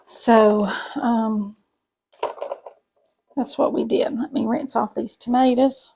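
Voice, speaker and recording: A woman's voice: fairly high pitch, steady tone, slow, gravelly, warm tone, a little hiss or hum. A middle-aged woman, chatting folksily to viewers while cooking in her home kitchen. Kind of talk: casual cooking chat to camera.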